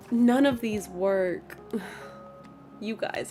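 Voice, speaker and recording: This young woman talks slowly in a warm, medium-pitched voice during a casual home livestream, faint music playing behind her. She complains dramatically about small things, mocks herself and drops Spanish phrases as she chats with viewers.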